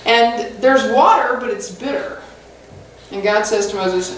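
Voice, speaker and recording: Animated woman pastor in an echoey church. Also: a little high, a little slow, a little hiss or hum. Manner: animated, humorous, conversational storytelling. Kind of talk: conversational sermon. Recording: echoey hall from far off.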